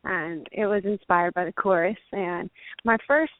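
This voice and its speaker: A woman's voice: on the low side, measured pace, no room sound. A Southern woman country singer, upbeat and chatty, calling in from outdoors for a phone interview. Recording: tinny phone line.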